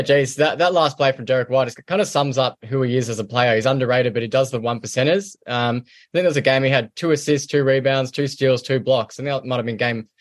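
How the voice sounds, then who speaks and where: A man's voice: medium pitch, dry recording, clean studio sound. A man on a casual sports podcast, talking earnestly with frequent ums. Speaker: podcast panelist.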